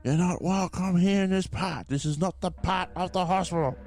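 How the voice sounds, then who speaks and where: A woman's voice: on the low side, normal speed, gravelly, a little mellow, faint music behind, pitched above the performer's own voice. A man voicing a stern, proper-spoken ghostly woman nurse from the old days, ordering someone out. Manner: strict, commanding, proper-spoken.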